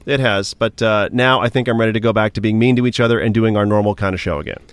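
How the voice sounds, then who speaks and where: A man's voice: on the low side, fast, clear, resonant tone, no room sound. A man hosting and producing a casual podcast, teasing his co-host and wrapping up the show.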